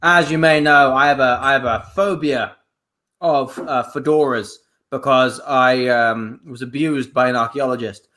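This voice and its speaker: A man in an improvised comedy scene, making a hesitant mock apology that bursts into shouting. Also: medium pitch, fairly even intonation, measured pace. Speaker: improv performer.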